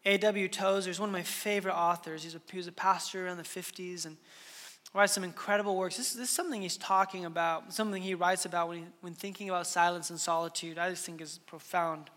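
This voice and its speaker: A man's voice: high-pitched, steady tone, fast, a bit bright, in a large hall. A man in his thirties preaching a sermon earnestly, with frequent restarts and sudden drops to a whisper. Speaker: pastor.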